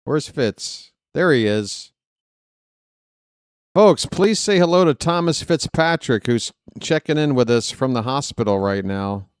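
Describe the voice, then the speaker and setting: A man doing live play-by-play of a baseball game for viewers, chatty and joking with the chat between pitches. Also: animated, a little slow, clear, resonant tone, dry recording, studio quality. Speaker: fan play-by-play announcer.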